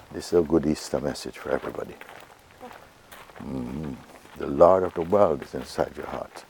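A man giving a spiritual talk to a gathering, asking questions and answering them himself and softly repeating phrases. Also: fairly low pitch, creaky, a little hiss or hum. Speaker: spiritual teacher.

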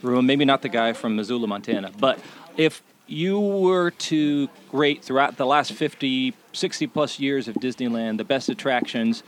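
A man's voice: medium pitch, moderate pace. A man hosting a podcast, putting questions to his panel. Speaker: podcast host.

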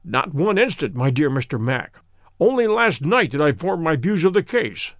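A man reading a calm, clever detective who talks in a measured, precise, gently reproving manner. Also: fairly high pitch, no echo, clean studio sound.

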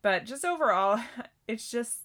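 A woman's voice: fairly high pitch, lively intonation, unhurried, a bit bright. A woman co-hosting a movie podcast, chatty and rambling, with many fillers. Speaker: podcast co-host. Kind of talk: casual chat.

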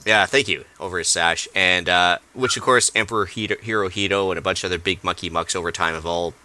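A man's voice: deep voice, steady tone, fast, pushed and bright. A man co-hosting a casual podcast, rambling and hunting for words with plenty of fillers. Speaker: podcast co-host.

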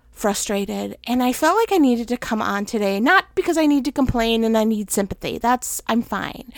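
A middle-aged woman hosts a personal faith podcast, speaking candidly with self-deprecating humor while sounding worn out as she recovers. Her voice is on the high side, recorded in clean studio sound with no echo.

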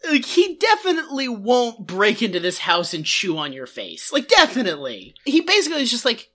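A woman's voice: fairly high pitch, big pitch swings, brisk, hardly any pauses, fairly bright tone. A woman co-hosting a podcast, talking casually with lots of "like" fillers and sarcastic exasperation. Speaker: podcast co-host. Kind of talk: casual chat.

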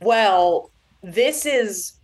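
A woman guest on a podcast chatting in an animated, laughing way that keeps interrupting itself. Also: mid-range voice, extremely slow. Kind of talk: casual chat.

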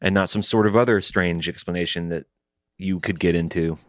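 A man's voice: deep voice, steady tone, fairly quick, no echo, clean studio sound. A man in casual chat, teasing and wry with his co-host.

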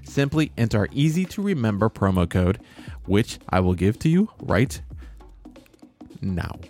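Rambling and self-mocking, a man co-hosting a sports betting podcast works through picks and show plugs while his voice goes. He sounds very animated in a lowish, darkish voice, speaking a little slowly over faint music.

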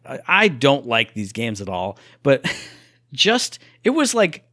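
A young man co-hosting a casual gaming podcast, talking in an animated, playful way. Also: medium pitch, slow, no echo, clean studio sound. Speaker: podcast co-host.

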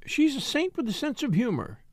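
A man reading an audiobook, voicing an excitable, chatty middle-aged wife with a gushing manner. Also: high-pitched, normal speed, no room sound, studio quality, heavily acted. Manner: gushing, exclamatory.

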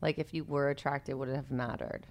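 A woman's voice: extremely low pitch, steady tone, brisk, background noise. A woman podcast co-host chatting in a playful, teasing way. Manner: playful, teasing, dramatic gasps. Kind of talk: casual chat.

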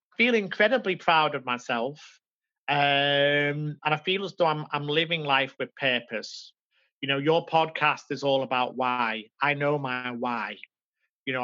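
A man in his forties, a podcast guest, telling his life story in an earnest, reflective way with halting restarts. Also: on the high side, pushed and bright, muffled recording.

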